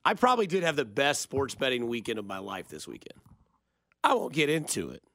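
A man hosting a sports call-in radio show, reacting to callers in a dry, low-key, deadpan way. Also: fairly quick, creaky. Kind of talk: casual call-in radio chat.

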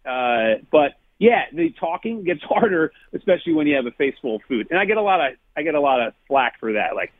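A man's voice: fairly high pitch, big pitch swings, a little fast, few pauses, dry recording. A man from New Jersey, a food-challenge TV host, chatting as a guest on a call, chatty and self-deprecating, laughing often. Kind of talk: casual interview chat. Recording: tinny phone-line call.

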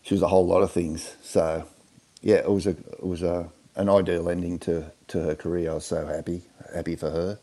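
Deep husky man, halting. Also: little pitch movement, warm tone. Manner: halting, heartfelt. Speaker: interviewee. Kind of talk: reflective interview.

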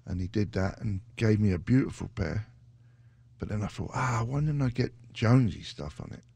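A man's voice: animated, normal speed, creaky, slightly rough, dry recording. A man, chatting casually as a radio DJ between songs, rambling and joking. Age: 60s. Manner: rambling, joking, drops into a sudden high shouting bit. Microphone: studio microphone.

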